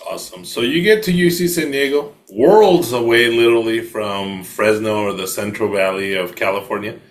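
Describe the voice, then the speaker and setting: A man's voice: on the low side, moderate pace. A man hosting an interview, asking long, winding, encouraging questions. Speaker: podcast host.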